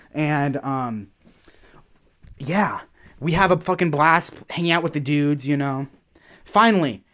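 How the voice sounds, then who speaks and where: A young man telling a story in a rambling, casual way, swearing a lot and tagging his lines with "okay?". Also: on the high side.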